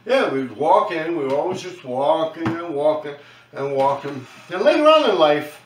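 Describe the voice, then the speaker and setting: A man's voice: on the high side, sing-song, normal speed, roomy sound, distant mic, a little hiss or hum, poor audio. A middle-aged man with a New York accent, telling stories in a casual monologue, profane and slangy, tagging his lines with "man.". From New York City. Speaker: host recounting his graffiti days.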